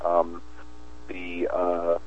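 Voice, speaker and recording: A man's voice: sits low, monotone, drawn-out words. A man talking as an interview guest in a rambling way, with many restarts and fillers. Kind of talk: casual interview talk. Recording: tinny phone line, dry.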